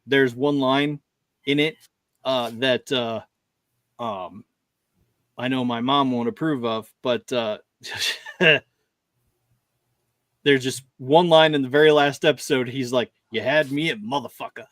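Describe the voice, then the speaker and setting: A man's voice: medium pitch, steady tone, slow pace, pauses often, a bit bright, no room sound, clean studio sound. Rambling, chatty podcast guy. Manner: rambling, laughs often, acts out quotes. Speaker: podcast co-host. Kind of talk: casual chat.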